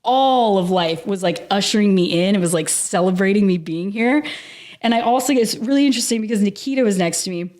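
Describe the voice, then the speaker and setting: She talks briskly, her mid-range voice carrying a darkish tone. As a guest on a podcast, she relates a personal story in casual interview fashion, earnest, emotional, and leaning heavily on "like."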